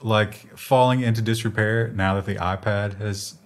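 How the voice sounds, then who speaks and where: A man's voice: lowish voice, steady tone, moderate pace. A man co-hosting a tech news show in casual chat, rambling with many fillers and restarts.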